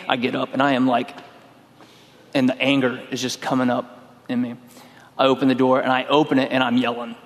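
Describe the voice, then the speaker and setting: A middle-aged man preaching a sermon in a relaxed, conversational way, telling a personal story and acting out his own lines. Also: medium pitch, normal speed, pauses often. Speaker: pastor. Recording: long hall reverb.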